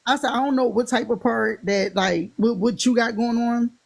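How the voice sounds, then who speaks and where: Speaking at a normal pace in a creaky voice, a Philadelphia-accented woman chats casually about a funny date, animated throughout and putting on higher voices for the quoted lines.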